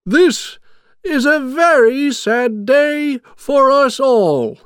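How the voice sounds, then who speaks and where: A man voicing a grieving town mayor in a storybook reading, speaking slowly and loudly in mourning. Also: very high voice, expressive, clean tone, no echo, clean studio sound, voice pushed up, heavily acted. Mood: mournful. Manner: slow, mournful, loud speech.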